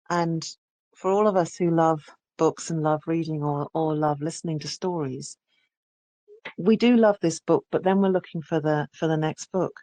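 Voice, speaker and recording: A woman's voice: sits low, darkish tone, dry recording. A woman audiobook narrator from England, talking enthusiastically in an interview. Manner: enthusiastic, restarts phrases. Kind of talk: conversational interview.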